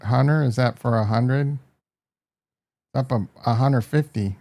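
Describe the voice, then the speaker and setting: A man's voice: mid-range voice, a little slow, warm tone. A man with a Midwestern American accent hosting a casual live stock market stream, brash and joking as he reacts to prices and talks to his chat. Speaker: market livestream host.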